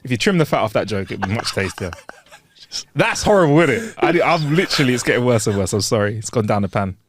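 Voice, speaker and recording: A man's voice: mid-range voice, sing-song, fast talker, slight background noise. A man co-hosting a comedy podcast, casually chatting and reading out jokes in a playful, giggly way. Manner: playful, giggly, voices joke characters. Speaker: podcast co-host.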